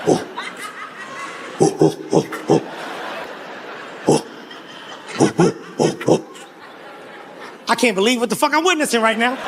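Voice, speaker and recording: Man, very high-pitched voice, animated, profane stand-up storytelling, faint background hiss. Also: long reverb tail. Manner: animated, profane, often shouting. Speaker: stand-up comedian. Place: comedy stage before an audience.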